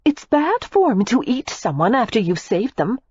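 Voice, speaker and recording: Brief: woman voicing a playful young heiress, breathless and high, husky, muffled audiobook sound. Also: measured pace, no echo, heavily acted. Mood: lively. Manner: breathless, lively and teasing. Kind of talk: audiobook character reading.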